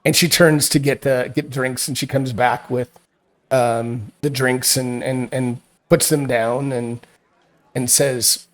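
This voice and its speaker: A man's voice: mid-range voice, steady tone, slow. A man running a tabletop game as game master, narrating with many fillers and restarts.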